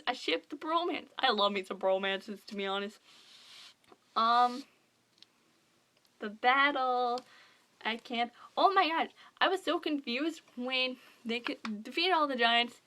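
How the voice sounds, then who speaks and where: A young woman in a casual book review vlog, gushing and excitable, rambling with lots of fillers. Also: on the high side. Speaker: book vlogger.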